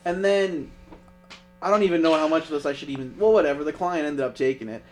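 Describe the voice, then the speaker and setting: A man's voice: fairly high pitch, fast talker, faint music behind. A young man, a podcast co-host, telling a profane road story in casual chat. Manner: profane, animated anecdote telling.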